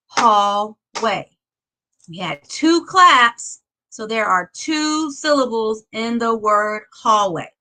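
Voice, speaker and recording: Slow, bright-voiced woman teaching kindergarten. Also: a little high, poor audio. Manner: patient, repeats words while clapping syllables. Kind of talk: children's lesson.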